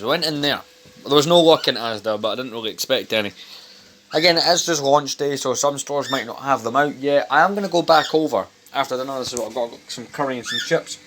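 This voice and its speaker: A man's voice: mid-range voice, fairly bright tone. A young man vlogging at home over dinner, talking casually in a rambling, blunt and sweary way. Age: young adult. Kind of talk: casual chat to camera.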